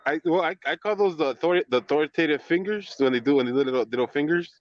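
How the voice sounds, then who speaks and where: A man's voice: on the high side, fast talker, dry recording, dull audio. A man joining a live stream as a guest, cracking jokes and playfully ribbing the host. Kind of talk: casual live stream chat.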